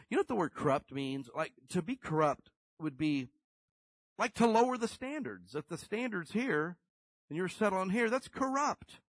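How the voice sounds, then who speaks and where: A man's voice: fairly high pitch, dry recording. Folksy preacher man, dry close sound. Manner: folksy, animated storytelling with acted-out quotes. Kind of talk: conversational sermon.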